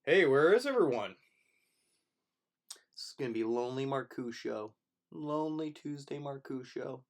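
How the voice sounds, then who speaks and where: A man's voice: medium pitch, expressive, moderate pace. Playful rambling male teacher livestreaming. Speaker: film teacher. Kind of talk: casual livestream to students.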